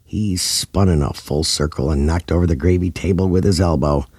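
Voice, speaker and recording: A man's voice: rumbling low, fairly even intonation, brisk, dark tone, slightly rough, no echo, clean studio sound. A man narrating a scripted comedy story in a dramatic, over-the-top way.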